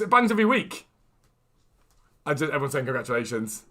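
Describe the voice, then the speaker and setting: This young streamer's voice is on the high side, and he talks briskly but leaves long pauses. He's playing a video game and chatting energetically and casually with viewers.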